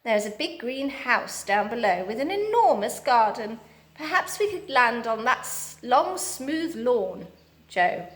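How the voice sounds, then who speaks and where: Woman doing a jumpy storybook man, talks slow and high. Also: big pitch swings. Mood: worried.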